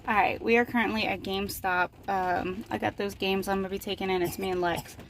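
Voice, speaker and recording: A mother vlogs in a casual, confessional style, rambling and venting with plenty of "like" thrown in. Her mid-range voice is steady and a little fast, with slight background noise behind it.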